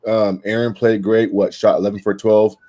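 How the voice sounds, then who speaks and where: Low-voiced man breaking down plays. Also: level tone, mellow. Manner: measured, explanatory, breaks down plays. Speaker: podcast co-host. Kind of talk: casual sports analysis.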